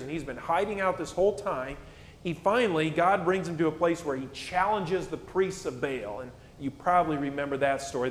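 A male pastor preaching a sermon in a plain-spoken, conversational way, with casual asides as he explains. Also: a little high. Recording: echoey church hall with long reverb.

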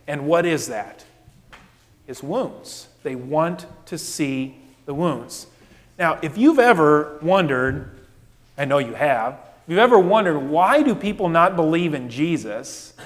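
Brief: male preacher, high-pitched for a man, emphatic sermon with rhetorical questions, reverberant hall. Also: expressive, slow pace. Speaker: pastor.

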